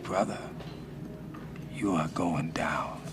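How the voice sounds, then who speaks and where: A man's voice: a bass voice, slow, noisy background. An actor playing a threatening tough man, heard in a film clip. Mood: menacing. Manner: menacing, threatening.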